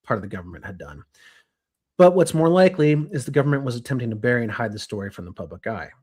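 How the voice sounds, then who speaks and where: A young man co-hosting a podcast, walking listeners through a story from his notes. He talks casually and animatedly, restarting and correcting himself as he goes, in a voice of middle pitch. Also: very animated, fast talker, darkish tone, husky. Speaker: podcast co-host.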